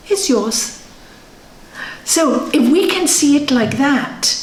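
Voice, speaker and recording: Brief: fairly high female voice, animated yoga teacher, echoey hall. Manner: conversational, animated, tells stories with acted quotes. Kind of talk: spiritual teaching talk. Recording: echoey room.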